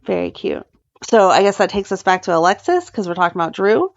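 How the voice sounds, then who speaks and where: A woman co-hosting a casual podcast, retelling scenes with animated quoted voices. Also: medium pitch, brisk, vocal fry, dry recording, lo-fi sound. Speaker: podcast co-host. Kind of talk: casual recap chat.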